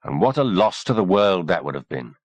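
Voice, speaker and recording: A man voicing a gruff, sarcastic army sergeant in his mid-thirties who trades growling banter. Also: low-pitched, very animated, brisk, dry recording, muffled recording. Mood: mocking.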